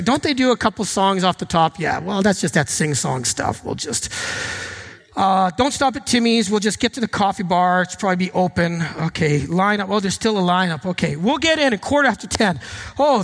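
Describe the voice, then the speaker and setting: A man acting out a sleepy, reluctant male churchgoer, grumbling in a low, weary voice. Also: fairly bright tone, big-room sound.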